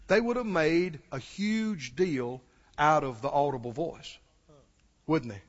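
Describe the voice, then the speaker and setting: A man's voice: fairly high pitch, lively intonation, a little slow. A man preaching a sermon with passion, asking his listeners questions and rising to exclamations. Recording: dull lo-fi sound with long hall reverb.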